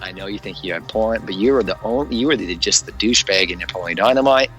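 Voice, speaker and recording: A man's voice: fairly low pitch, fast, a bit bright, faint music behind, lightly acted, rough recording. A man voicing a cocky Australian man who scolds the guest in a mock-stern, teasing way, with an Australian accent. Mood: mock scolding.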